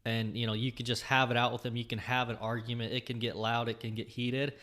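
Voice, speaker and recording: A man's voice: medium pitch, level tone, fairly quick, a bit bright. Guy with a middle voice chiming in on a podcast, reflective, swears casually. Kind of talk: casual chat.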